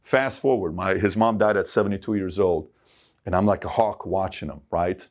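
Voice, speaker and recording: Speaking at a moderate pace in a low voice, this middle-aged man from Iran gives life advice in a motivational talk. He's animated and emphatic, playing out the voices of those he quotes.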